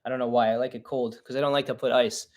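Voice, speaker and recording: A man's voice: mid-range voice, fairly even intonation, fast, darkish tone. A young man with a Russian-Ukrainian family background hosts a casual live-stream Q&A, answering questions in a blunt, profane, mock-indignant way. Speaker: podcast host and comedian.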